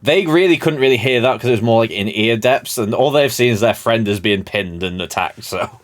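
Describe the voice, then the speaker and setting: A male game master narrates a tabletop session in a rambling, hesitant way and laughs often. His pitch moves around a lot while he sets the scene and calls for rolls. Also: lively intonation, brisk, a little hiss or hum.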